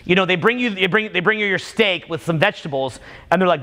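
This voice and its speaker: A man in his forties giving a live talk to a room audience, an animated, jokey storyteller who acts out little scenes and quizzes the crowd. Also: on the high side, racing, big-room sound. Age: 40s. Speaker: seminar speaker.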